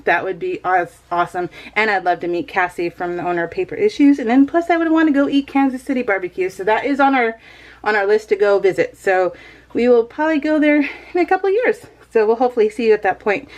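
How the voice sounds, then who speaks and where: A woman from Northern California chatting casually over her crafting video, rambling to her viewers and giggling often between phrases. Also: mid-range voice. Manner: rambling, talks straight to viewers. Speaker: crafting vlogger.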